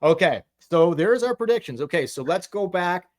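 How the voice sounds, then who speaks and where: A man co-hosting a hockey podcast, making playoff predictions in casual, animated chat. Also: high-pitched, moderate pace. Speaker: podcast co-host.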